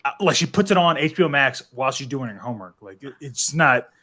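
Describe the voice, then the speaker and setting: A man in his thirties hosting a casual podcast chat, animated, laughing often and filling his talk with "like" and "dude". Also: medium pitch, fast. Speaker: podcast host.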